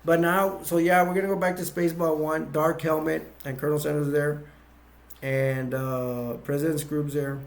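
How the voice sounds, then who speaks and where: A man's voice: on the high side, level tone, moderate pace, vocal fry. A man with a slightly raised voice walks through a film's plot scene by scene. He rambles, restarting sentences and filling gaps with ums as he goes. It sounds like an informal retelling. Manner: rambling, many restarts and fillers. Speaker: movie reviewer.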